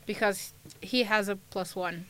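A woman playing a tabletop game, playful and expressive. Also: mid-range voice, unhurried. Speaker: player. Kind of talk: casual chat.

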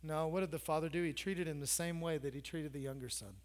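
A man's voice: a little high, steady tone, fast. A man preaching a sermon, in a conversational way with joking asides and teasing remarks to the congregation. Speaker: pastor.

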